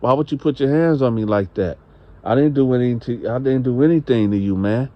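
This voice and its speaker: A man's voice: medium pitch, fairly quick, highs cut off, natural voice. A man voicing an aggrieved homeless man who protests being wronged. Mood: indignant. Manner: indignant, protesting.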